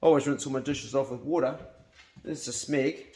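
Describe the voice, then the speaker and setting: A man's voice: mid-range voice, steady tone, brisk, mellow. A New man in his fifties chatting casually to camera in his home kitchen, blunt, swearing freely and laughing easily. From New Zealand. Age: 50s. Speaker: hunting and cooking vlogger.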